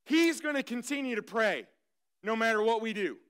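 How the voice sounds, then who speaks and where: A male pastor preaching to his congregation, with a high, bright voice. His tone is clear and smooth as he reads scripture and urges the room to answer back. He is energetic and exclaims often. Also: normal speed. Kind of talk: live sermon. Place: church service.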